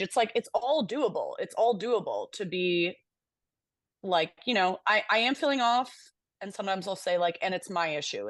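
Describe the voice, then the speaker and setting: A young woman co-hosts a podcast in relaxed conversation. She sounds candid and reflective and swears now and then. Her voice is dry and close, with no room sound. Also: on the low side, dry recording. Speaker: podcast co-host. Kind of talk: casual chat.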